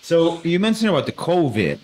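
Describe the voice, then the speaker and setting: A man's voice: fairly high pitch, very animated, brisk, a little mellow, a little hiss or hum, poor audio. Man hosting a podcast. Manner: questioning, searching for words. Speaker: podcast host. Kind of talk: podcast interview.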